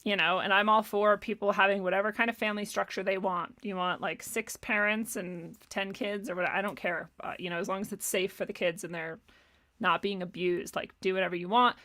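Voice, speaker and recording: A woman's voice: mid-range voice, fairly even intonation, fairly quick, bright, forceful tone. A woman host ranting sarcastically in casual commentary, exasperated and profane, often laughing.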